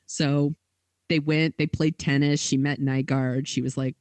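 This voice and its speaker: A woman's voice: sits low, level tone, unhurried, darkish tone, no room sound. A woman co-hosting a podcast, telling a story in casual chat with lots of "like" and quoted dialogue. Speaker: podcast co-host.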